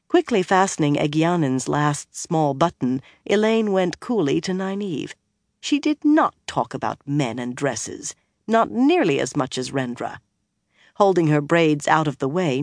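An audiobook narrator reading a fantasy novel in an even, measured storytelling voice. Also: medium pitch, no room sound, studio quality.

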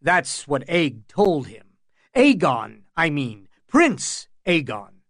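Humble hedge knight, voiced by a male narrator; halting, deferential, slow. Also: a little high, huge pitch swings, fairly bright tone, no echo, studio quality, full character voice. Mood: flustered. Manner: stumbling, deferential.

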